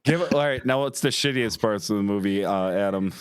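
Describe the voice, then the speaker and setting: A man's voice: fairly low pitch, a little fast, crowd noise. A young man co-hosting a podcast who talks hesitantly in casual chat, repeating words and giggling. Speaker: podcast co-host.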